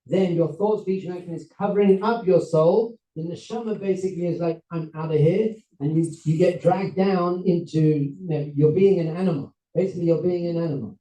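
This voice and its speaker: Man, rabbi, animated storytelling lecture, acts out characters, dark mellow tone, roomy echo, off-mic. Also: sits high, fairly quick, few pauses, recorded from a distance. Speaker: rabbi giving a seminar talk.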